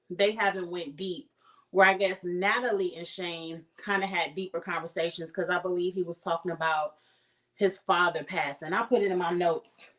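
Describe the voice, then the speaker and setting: A woman's voice: on the low side, fairly bright tone, poor audio. A woman giving a casual, playful recap of a reality TV episode, acting out the cast's lines in sassy voices. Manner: chatty, playful, acts out quotes in sassy voices. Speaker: show reviewer.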